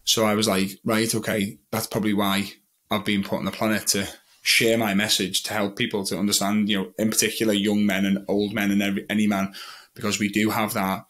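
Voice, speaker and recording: Here a young magician and mental health advocate, speaking in a lowish, flat, fairly bright voice and a little fast, shares his personal history as an interview guest. His candid storytelling rambles, with many restarts and quoted thoughts.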